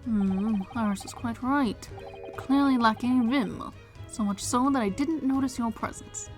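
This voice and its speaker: A woman's voice: on the high side, measured pace, a little mellow, natural voice. A woman voicing an eccentric, boastful male great detective, theatrical and self-assured. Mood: pompous. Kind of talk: reading game dialogue aloud. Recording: game music behind.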